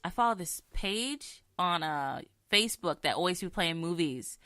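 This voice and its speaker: A woman's voice: on the low side, expressive, fairly bright tone, dry recording. A young woman co-hosting a podcast, telling stories in a chatty way with wry asides. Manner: chatty storyteller, drawn-out fillers, wry asides. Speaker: podcast co-host. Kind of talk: casual chat.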